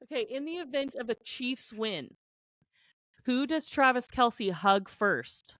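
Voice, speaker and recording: A woman guest on a sports podcast, briskly running through a list of questions. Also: on the high side, lively intonation, a bit bright, no echo. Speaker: guest reading prop bets. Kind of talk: casual podcast chat.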